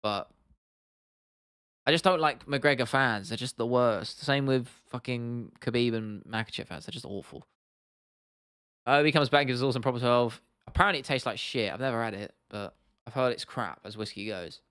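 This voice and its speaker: A man's voice: mid-range voice, normal speed, fairly bright tone, smooth, dry recording, clean studio sound. A young man hosting a casual livestream and answering viewers, blunt and opinionated, swearing freely and often restarting his sentences. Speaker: livestream host.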